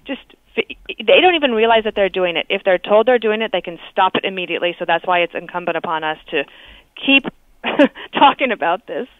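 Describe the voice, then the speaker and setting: A woman talking as a guest in a phone interview, brisk and chatty, heard over a telephone line. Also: medium pitch, lively intonation, no room sound. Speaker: guest, TV news anchor. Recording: dry tinny phone line.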